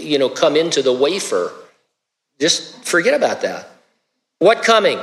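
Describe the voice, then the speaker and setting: A man's voice: a little high, fairly bright tone, in a large hall. A male pastor preaching a sermon in a casual, conversational way, with stammered restarts.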